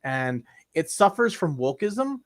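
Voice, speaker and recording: A man's voice: on the high side, big pitch swings, a little slow. A young man co-hosting a podcast, chatting casually in a rambling way with crude jokes and lots of repeated words. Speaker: podcast co-host. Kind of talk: casual chat.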